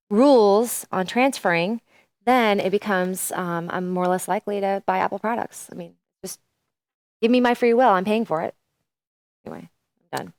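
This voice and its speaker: A woman co-hosting a casual tech show, chatting quickly and playfully with her co-host. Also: mid-range voice, clean tone, no room sound.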